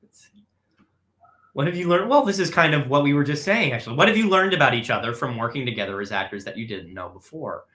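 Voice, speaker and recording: Bright-voiced young man, rambling and laughing. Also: mid-range voice, expressive, fast. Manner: rambling, hesitant, laughs often. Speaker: actor interviewing with his father. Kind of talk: casual conversational interview. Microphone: video call.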